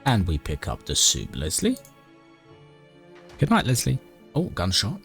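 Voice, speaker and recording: Dry mock-dramatic gaming narrator. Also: male voice, low voice, wildly swooping pitch, a little slow, creaky, fairly bright tone, soft background music. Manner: dry, mock-dramatic, talks to his character. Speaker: gaming YouTuber narrating a playthrough. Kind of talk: comedic game commentary and narration.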